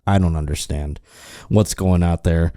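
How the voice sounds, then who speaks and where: A man's voice: sits low, steady tone, measured pace, mellow, no echo, clean studio sound. Hungover man rambling through comedy news. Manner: rambling, joking, self-interrupting. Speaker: host. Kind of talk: casual comedic news chat.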